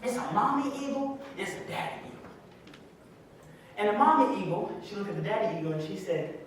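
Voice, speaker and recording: A man telling a story in a sermon, animated and calling to the crowd. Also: sits high, a little fast, slight background noise. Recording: echoey hall from far off.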